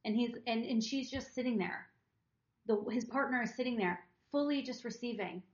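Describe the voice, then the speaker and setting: A woman's voice: a little high, normal speed, roomy sound, dull audio. A woman co-hosting a podcast who tells a personal story to her partner in an earnest, emotional, rambling way. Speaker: podcast co-host.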